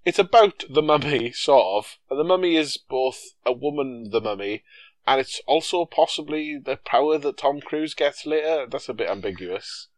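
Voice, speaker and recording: A man's voice: medium pitch, animated, moderate pace. A man co-hosting a casual film-review chat, sarcastic and jokey, swearing freely. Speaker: podcast co-host.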